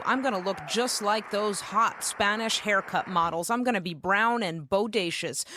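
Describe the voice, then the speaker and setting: A woman's voice: mid-range voice, fairly bright tone, no room sound, studio quality. A woman performing a brash, comic, profane spoken-word story as a performance poet.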